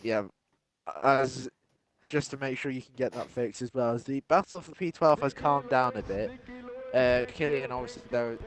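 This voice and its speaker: A man's voice: medium pitch, slight background noise. A man co-commentating a sim race live, hesitant with frequent fillers.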